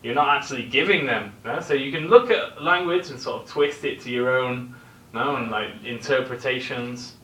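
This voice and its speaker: A man teaches a classroom lesson with a bright, ringing tone. The recorder sits at a distance in an echoey room, and there is faint ambience behind him. He explains each word patiently and keeps checking in with his students. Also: medium pitch, moderate pace. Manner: explaining, checks in with tag questions. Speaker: English teacher.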